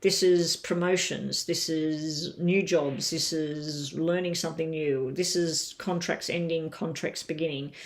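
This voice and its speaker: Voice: medium pitch, steady tone, a little slow, hardly any pauses. A tarot reader doing a casual live-stream reading from home, chatting straight to viewers with lots of ums.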